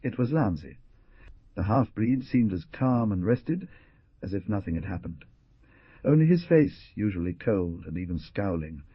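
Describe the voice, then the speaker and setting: A man's voice: slightly rough, no echo, lo-fi sound. A man narrating a classic western novel as an audiobook, telling it expressively. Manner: expressive storytelling with wide pitch swings. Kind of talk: scripted narration.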